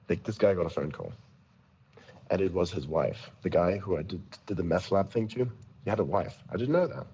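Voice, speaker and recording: This storyteller's warm, low-pitched voice comes through with the highs cut off and slight background noise. Chatting casually in a voice chat, he recounts prank calls in a rambling way, chuckling and stammering as he restarts.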